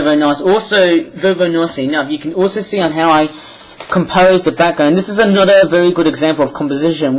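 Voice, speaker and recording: A man giving a rambling vlog walkthrough of how he edits his animations, full of restarts and quick apologies. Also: on the high side, low-quality recording. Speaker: animation vlogger. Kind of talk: screen-recorded tutorial chat.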